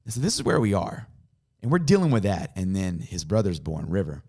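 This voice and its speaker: Low-voiced pastor sharing an earnest story. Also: male voice, very animated, brisk, slightly rough. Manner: earnest storytelling, softening to a hush in emotional moments. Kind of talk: personal story in podcast conversation.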